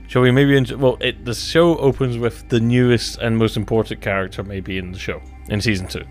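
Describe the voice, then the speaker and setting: A man's voice: mid-range voice, fairly even intonation, a little fast, faint music behind. A man co-hosting a casual podcast chat about a TV series, rambling and self-deprecating, often restarting his sentences. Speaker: podcast co-host.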